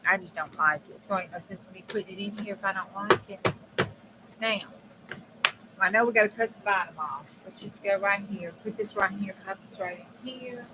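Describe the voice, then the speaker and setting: Chatting folksy and direct to her viewers, a woman hosts a crafting video while working at a home craft table, her phrasing full of dialect. Her mid-range voice moves fairly quickly, with steady background noise behind it.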